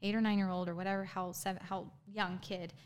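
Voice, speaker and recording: Woman telling a personal story, halting. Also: medium pitch, level tone, smooth. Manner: halting, with frequent ums and restarts. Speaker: interview guest.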